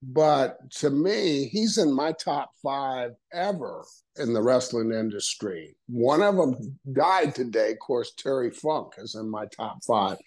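A man's voice: medium pitch, lively intonation, slow, poor audio. An older man, a guest on an interview podcast, telling stories casually and acting out quoted dialogue with frequent laughs. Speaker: guest, retired wrestler.

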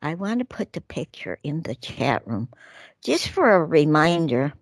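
Low-voiced lady cohost, slow and swoopy, reads news then blows up about it, dry sound. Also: no room sound. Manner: animated, reads news aloud with outbursts and asides. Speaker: talk show co-host. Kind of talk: casual political chat.

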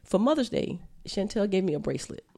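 A woman's voice: mid-range voice, big pitch swings, fast, gravelly, mellow. A young woman co-hosting a podcast, chatting casually and loosely, with frequent cursing. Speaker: podcast co-host. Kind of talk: casual chat. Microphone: headphones on.

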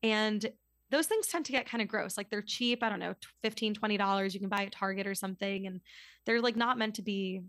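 A woman in her twenties telling a story as a podcast guest, in a casual, chatty way full of "like" and quick asides. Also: medium pitch, no echo, studio quality. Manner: chatty, lots of "like", animated retelling.

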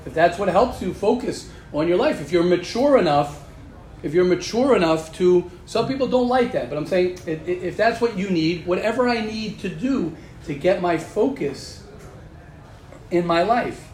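A man with a high voice leads a religious class in a motivational style. He drives his points home by repeating phrases and addressing students directly. The sound is roomy and echoey. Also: expressive, normal speed, darkish tone. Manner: emphatic, repeats key phrases, speaks straight to students. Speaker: teacher leading a religious class. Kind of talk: animated motivational class talk. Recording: echoey room.

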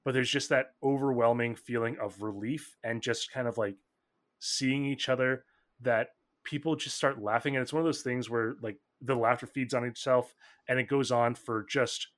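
A man's voice: mid-range voice, fairly even intonation, normal speed, a bit bright. A man narrating as game master of a tabletop game, in a rambling way with many fillers. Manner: rambling, filler-heavy, laughs often.

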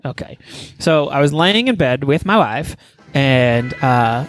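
A man's voice: medium pitch, takes it slowly, dry recording, soft background music. A man co-hosting a podcast, telling a story in casual chat with profanity and comic exaggeration. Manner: animated, profane, exaggerating for laughs. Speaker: podcast co-host.

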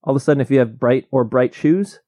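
A comedian co-hosts a loose comedy talk show, tossing out absurd theories in a deadpan tone. His voice sits in a middling pitch. The sound is dry and close. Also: quick pace, dry recording, lo-fi sound. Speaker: podcast co-host, comedian. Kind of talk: casual comedic chat.

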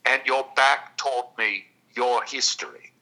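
A man's voice: mid-range voice, steady tone, slow, pushed and bright, full character voice, poor audio. A man voicing a blunt, knowing foreign woman masseuse with an Eastern European accent. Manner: blunt, matter-of-fact pronouncements.

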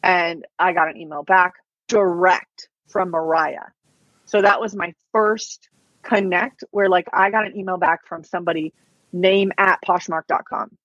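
Woman, podcast guest, casual storyteller, husky voice, dull lo-fi dry sound. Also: on the low side, steady tone, unhurried, a bit bright, dry recording. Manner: chatty storyteller, peppered with "like" and "um". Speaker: podcast guest, online reseller. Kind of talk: casual interview chat.

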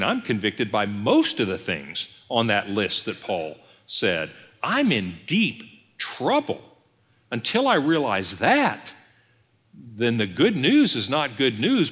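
A man's voice: mid-range voice, husky. A man preaching a sermon as pastor, acting out imagined dialogues as he teaches. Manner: animated, acts out imagined voices and dialogues. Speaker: executive pastor. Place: church sanctuary. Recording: long hall reverb.

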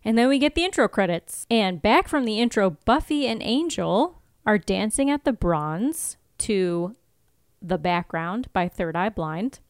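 A woman co-hosting a podcast, recapping TV episodes in casual chat and reading scene summaries with animated asides. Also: medium pitch, measured pace, dry recording, clean studio sound. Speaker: podcast co-host.

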